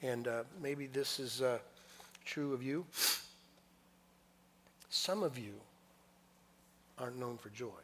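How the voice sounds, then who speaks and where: A man's voice: mid-range voice, slow, long pauses, slight background noise. Male preacher in a reverberant hall. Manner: swings from hushed to loud and emphatic. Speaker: pastor. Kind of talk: sermon. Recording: long reverb of a large hall.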